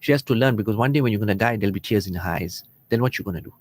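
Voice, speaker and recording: A man's voice: on the low side, racing, a little mellow. A man giving earnest, conversational marriage advice as a counselor on a radio programme in a studio. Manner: earnest and conversational, acts out quoted spouses.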